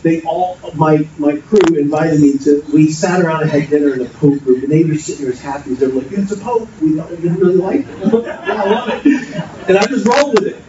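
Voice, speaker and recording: A man preaching a sermon, earnest and storytelling, often repeating himself. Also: sits high. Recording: distant, dull, noisy echoey hall.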